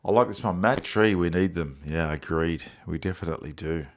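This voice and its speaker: Here the Australian photography-show host speaks in a low voice at a slightly quick pace. Somewhat congested, he chats casually about viewer photos on the live stream, meandering and using lots of fillers.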